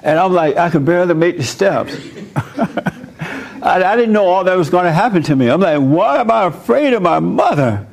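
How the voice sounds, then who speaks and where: Man preaching casually in a fairly high voice. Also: expressive, fairly quick, gravelly, few pauses. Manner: conversational, personal stories, chuckles often. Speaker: preacher answering listener questions. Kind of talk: informal sermon.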